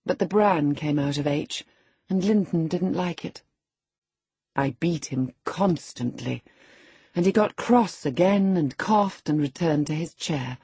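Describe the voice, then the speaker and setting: Woman reading spirited proud young lady, scornful, low and husky. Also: dry recording, heavily acted. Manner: lively, scornful storytelling.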